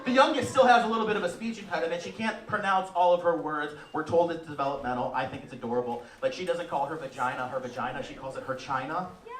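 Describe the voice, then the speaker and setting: A young adult man doing a stand-up comedy set on a club stage, deadpan with sudden loud outbursts. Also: on the high side, quick pace, recorded from a distance, some chatter behind. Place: comedy club stage before a live audience. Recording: roomy live club sound, from the back, audience laughter.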